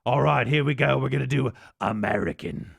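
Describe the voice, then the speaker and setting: A man voicing an eccentric, blustery male professor in a comedy bit, with a gravelly, breathy put-on voice and absurd shouted pronouncements. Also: medium pitch, a little fast.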